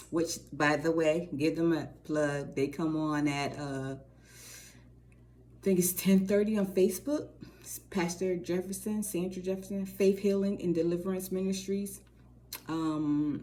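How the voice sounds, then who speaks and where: A middle-aged woman co-hosting a faith channel, talking casually and warmly to her viewers, rambling and repeating phrases as she goes. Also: on the low side, fairly even intonation, a little slow. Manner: warm, rambling, repeats phrases, says y'all. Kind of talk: casual direct-to-camera talk.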